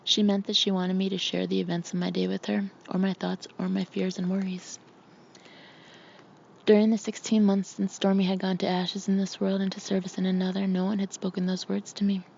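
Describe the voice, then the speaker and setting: A woman narrating an audiobook in a steady, measured reading. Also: mid-range voice, creaky, slight background noise. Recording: slightly muffled recording.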